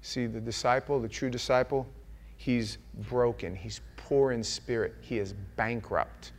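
A man's voice: medium pitch, measured pace, slight background noise. A man preaching a sermon in church, earnest and conversational, acting out the voices he quotes.

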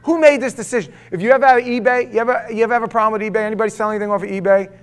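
A male pastor with a high voice, preaching verse by verse from the pulpit. He swings from quiet, close asides to loud, heated bursts when he mimics doubters. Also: racing, clean tone, soft background music. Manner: animated preaching, swinging from hushed asides to near-shouting mimicry. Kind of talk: expository sermon.

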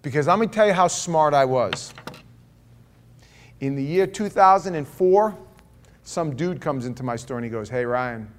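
A man in his fifties preaching a sermon in an animated way, acting out voices and asides. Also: fairly high pitch, normal speed, pauses often. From Florida. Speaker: pastor.

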